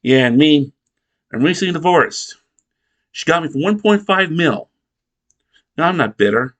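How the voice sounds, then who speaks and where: This is a sour, divorced middle-aged dentist in a sitcom. He cracks dry jokes with a raised pitch and an edge of fury underneath. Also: expressive, normal speed, a bit bright. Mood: sardonic. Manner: sarcastic, wisecracking, fuming. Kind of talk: sitcom acting.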